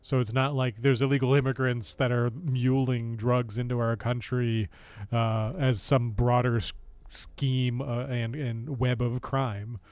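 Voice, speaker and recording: Sarcastic american man, casual stream commentary, mid-pitched, dry close sound. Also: level tone, a little mellow, clear, resonant tone, no room sound. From United States. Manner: sarcastic, laughs often; halting, many fillers and restarts.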